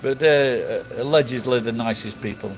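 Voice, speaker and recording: A man's voice: mid-range voice, normal speed, poor audio. Blunt, sweary man chatting. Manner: blunt, sweary, rambling with restarts. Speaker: streamer answering chat. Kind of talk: casual chat. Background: music.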